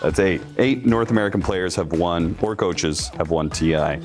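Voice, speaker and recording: A man's voice: deep voice, moderate pace, soft background music. A man hosting a trivia quiz with players, upbeat and encouraging. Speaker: quiz host.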